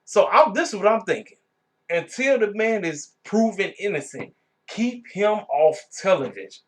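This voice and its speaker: A man hosting his own wrestling review vlog, talking casually and reacting with animated disbelief. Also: high-pitched, moderate pace. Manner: animated, colloquial, exclaiming in disbelief. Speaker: wrestling review channel host.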